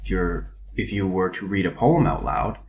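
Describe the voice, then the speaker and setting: Deep-voiced man teaching a relaxed lesson. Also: roomy sound, highs cut off, a little hiss or hum. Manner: unhurried explanatory delivery with frequent ums and uhs. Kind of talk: recorded poetry lesson.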